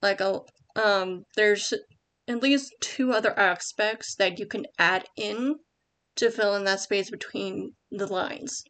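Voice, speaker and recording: A woman's voice: medium pitch, slow pace, fairly bright tone. A young woman at home giving casual writing tips over a screen share, rambling with many ums and likes and correcting herself as she goes.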